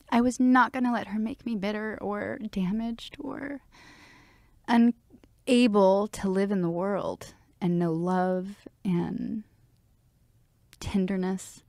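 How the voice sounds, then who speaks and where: A woman's voice: fairly low pitch, darkish tone, no room sound, studio quality. A woman, a singer-songwriter and interview guest, talking frankly and reflectively with casual swearing and frequent laughs. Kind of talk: candid emotional interview.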